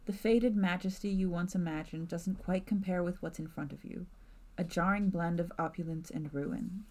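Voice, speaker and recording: A woman streamer reading a spooky game's narration aloud in a measured, softly dramatic way. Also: lowish voice.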